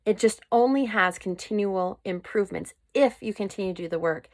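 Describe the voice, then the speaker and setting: A woman's voice: mid-range voice, fairly quick, a little mellow, no room sound, studio quality. A woman hosting a solo self-help podcast, talking candidly and emphatically in a coaching manner. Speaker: podcast host.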